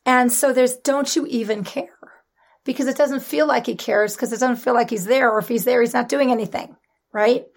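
Woman preacher, sermon, fairly high pitch, gravelly fry, animated, dramatic emphasis. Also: a little fast.

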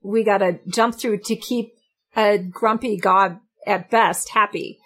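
A woman's voice: mid-range voice, steady tone, slow, fairly bright tone. A woman in casual conversation, emphatic and wry, who laughs easily.

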